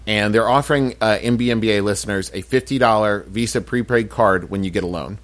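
A man's voice: fairly low pitch, fairly quick. A man co-hosting a comedy podcast who gives a loose, casual ad read full of restarts. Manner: explains things loosely, with restarts. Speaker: podcast co-host.

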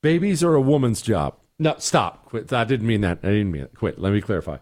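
A man's voice: lowish voice, expressive, brisk, a little mellow. A middle-aged man hosting a talk show, giving blunt, exasperated opinions and answering listener emails. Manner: blunt, exasperated, mocking voices in quotes.

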